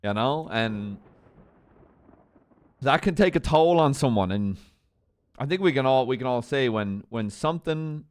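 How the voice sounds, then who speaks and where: Man as a relaxed sheriff, smooth clear voice, dry close sound. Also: medium pitch, unhurried, long pauses, dry recording, close to an everyday voice. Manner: calm, easygoing, uses "you know" and "brother". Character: laid-back male sheriff. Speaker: sheriff character. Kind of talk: game role-play.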